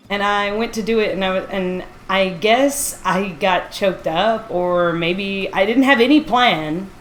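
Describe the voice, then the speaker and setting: A woman streamer telling stories in a casual, animated way, mocking herself and laughing often. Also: medium pitch, a little slow, echoey room, faint music behind. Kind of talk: casual storytelling on a live stream.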